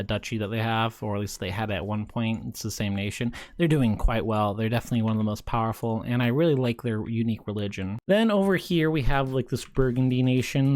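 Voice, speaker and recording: A young man giving casual, rambling commentary over a strategy game, at times breaking into excited cheering. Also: mid-range voice. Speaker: gaming commentator.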